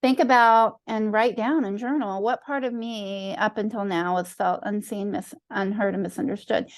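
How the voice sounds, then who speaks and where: A woman's voice: medium pitch, a little mellow, no room sound, studio quality. A middle-aged woman teaching an online master class as a coach, talking earnestly and checking in with "right?" often. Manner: earnest, affirming, frequent "right?" check-ins.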